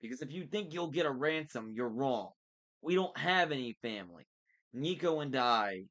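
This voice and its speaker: A man reading aloud and voicing a defiant, sarcastic teenage girl in a raised, sharp voice. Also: mid-range voice, animated, normal speed, lo-fi sound, pitched above the performer's own voice, lightly acted.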